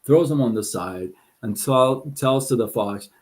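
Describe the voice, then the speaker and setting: A man's voice: mid-range voice, unhurried. A man hosting a live stream, chatting casually with viewers and telling a story. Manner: relaxed, chatty, many fillers and restarts.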